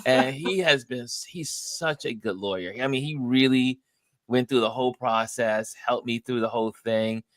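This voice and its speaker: Man, live stream host, casual chat, animated storyteller, dry close sound. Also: medium pitch, normal speed, dry recording. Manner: animated storyteller, acts out others' lines.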